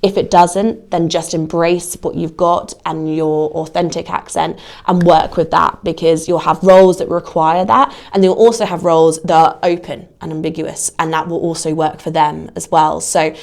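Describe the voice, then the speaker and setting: A woman's voice: deep voice, steady tone, normal speed, gravelly, hardly any pauses, a little mellow. A woman giving career advice in a podcast interview, talking conversationally with lots of "you know". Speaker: guest, casting platform adviser.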